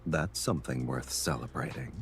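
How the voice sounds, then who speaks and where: A man voicing a suave, menacing male lord of chaos in a game, with a deep voice and a dry, teasing drawl. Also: faint music behind. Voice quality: deep, low and slow. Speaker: game character. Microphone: game audio captured in a stream.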